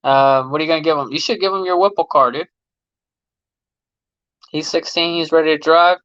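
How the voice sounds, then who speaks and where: A laid-back man in his late thirties chats with his livestream viewers in easygoing slang, his voice sitting a little high for a man. He laughs often. The phone mic gives a dull, dry, close sound. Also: fairly even intonation, normal speed, fairly bright tone, clean tone, no room sound. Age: late 30s. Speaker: livestream host and mechanic. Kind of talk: casual livestream chat reading viewer comments.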